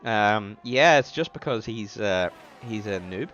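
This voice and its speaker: A man's voice: on the low side, expressive, a bit bright, lo-fi sound. A man commentating an online sim race on a stream, with lots of fillers and false starts. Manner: halting, full of fillers. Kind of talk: casual sim racing commentary.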